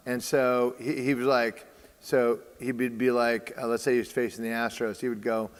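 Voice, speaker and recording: A man's voice: medium pitch, flat delivery, moderate pace, clean tone. A man in casual conversation, spinning a story and slipping into the voices of the people in it. He hesitates often with uh and um. His voice rings out with a long hall reverb. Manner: storytelling, acts out quoted dialogue, many fillers. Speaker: baseball training host.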